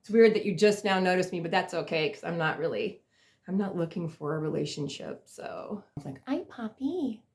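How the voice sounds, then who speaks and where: A woman's voice: on the low side, brisk, a little mellow. Rambling woman telling work stories. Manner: rambling, many fillers, laughs at herself. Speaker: vlogger. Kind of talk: casual storytelling vlog. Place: at home in a chair.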